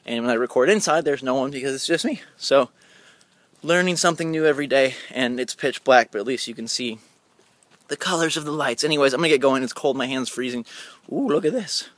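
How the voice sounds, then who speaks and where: A man's voice: mid-range voice, fast, a bit bright, dry recording. A man in his twenties from Indiana chatting casually in a rambling, upbeat vlog, filmed outdoors at night with a handheld camera. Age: 20s. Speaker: vlogger.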